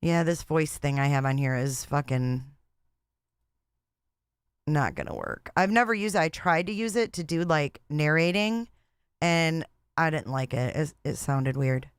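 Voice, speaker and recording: A woman's voice: deep voice, unhurried, clean tone, no echo. Blunt woman livestreamer, dry close sound. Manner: blunt, repetitive, exasperated. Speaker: livestream host. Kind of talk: casual livestream commentary.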